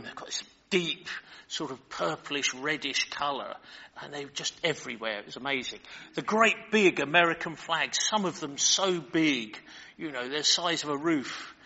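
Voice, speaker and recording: A man's voice: fairly high pitch, expressive, normal speed, sharp tone, husky, big-room sound. An older British man preaching, reading scripture and then chatting in a digressive way with many fillers. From Britain. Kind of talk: Bible reading and sermon. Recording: muffled lo-fi recording.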